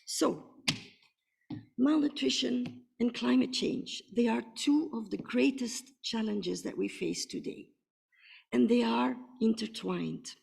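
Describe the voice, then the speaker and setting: Female moderator with a raspy, breathy and rough voice, hesitant delivery, slightly high pitch. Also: slow, a little mellow. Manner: hesitant, with frequent fillers. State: rough, hoarse voice. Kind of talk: opening remarks at a conference side event. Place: large conference room. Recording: long reverb of a large hall.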